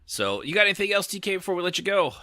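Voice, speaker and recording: A man's voice: high voice, sing-song, very fast, pushed and bright, no echo, clean studio sound. A man hosting a podcast in casual chat, joking and rambling. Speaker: podcast host.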